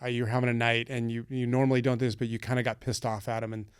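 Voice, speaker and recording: A man hosting a relaxed podcast, telling aviation stories in detail and laughing along easily. His voice is smooth and clean, set at a middle pitch, and the recording is dry and close with no room sound. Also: racing, no room sound. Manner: chatty, laughs often, recounts flights in detail. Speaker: podcast host and pilot. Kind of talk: casual podcast chat.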